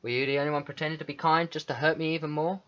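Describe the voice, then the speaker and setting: A man's voice: on the high side, fairly even intonation, very fast, a bit bright, voice pushed up, close to an everyday voice. A man reading the lines of an obsessive, self-aware female game character aloud, pleading and confessional. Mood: wounded. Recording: muffled lo-fi mic.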